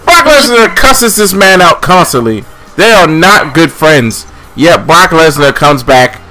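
A man's voice: fairly high pitch, big pitch swings, unhurried, sharp tone. A man ranting angrily on a casual podcast, swearing often as he complains. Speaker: podcast co-host.

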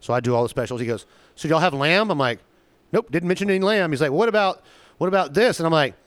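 A man's voice: a little high, expressive, fast, dry recording. Wry man in dry close sound. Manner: chatty, wry, teasing. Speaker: server. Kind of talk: casual storytelling chat.

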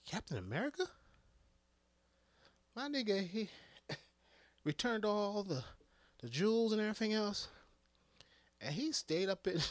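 Animated man ranting, pitch jumping everywhere. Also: no room sound. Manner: animated, profane, swings from hushed to shouting. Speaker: EMT giving movie reactions. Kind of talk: casual rant to camera.

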